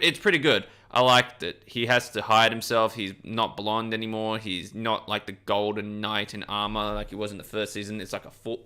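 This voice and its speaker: A man giving a casual, rambling video review of a TV episode, excitable, swearing freely and often correcting himself. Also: fairly low pitch, smooth.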